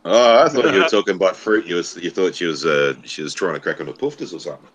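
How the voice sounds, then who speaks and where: A man's voice: low-pitched, animated, quick pace, fairly bright tone. A man telling a crude joke in a group chat.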